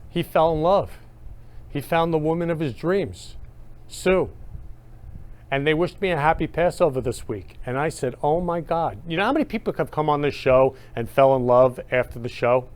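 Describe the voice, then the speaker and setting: A man hosting his own show, talking in an eager, gushing monologue that swings up loud on key phrases. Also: on the high side. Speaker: host. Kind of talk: enthusiastic casual monologue.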